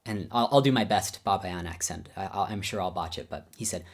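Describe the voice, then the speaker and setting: A man's voice: low-pitched, brisk, few pauses. A man who is a concert pianist and teacher, telling personal stories in a friendly, self-deprecating way. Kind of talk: casual personal storytelling.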